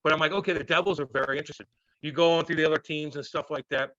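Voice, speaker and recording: A man in his thirties, a former hockey player, telling stories loudly and profanely in a casual interview. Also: a little high, very fast, no room sound, highs cut off. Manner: loud, profane, animated storytelling.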